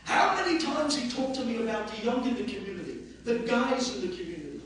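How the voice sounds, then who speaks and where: A man, a rabbi, giving an impassioned eulogy that swings between shouting and hushed speech. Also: extremely high pitch, big pitch swings, fast, slight background noise. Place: large hall at a memorial gathering. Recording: very echoey hall, voice far from the mic.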